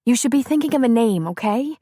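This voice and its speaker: A woman narrator voicing an excited, affectionate young pregnant wife. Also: on the high side, a little fast, no room sound, clean studio sound, pitched above the performer's own voice. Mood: excited, loving. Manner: eager, breathless, affectionate.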